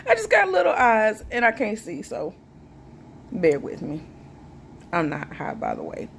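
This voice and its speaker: A young woman talks straight to her viewers in a loose, joking way. Her voice sits at a middle pitch, and a faint hum of room noise runs behind her. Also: huge pitch swings, unhurried, gravelly. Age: 20s. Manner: chatty, joking, sips a drink while talking. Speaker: vlogger. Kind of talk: casual chat to camera.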